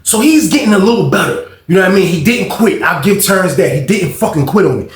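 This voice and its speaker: A man telling a prison story in a casual storytime vlog, animated and profane, swinging from shouting to hushed. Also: high-pitched, fast, reverberant.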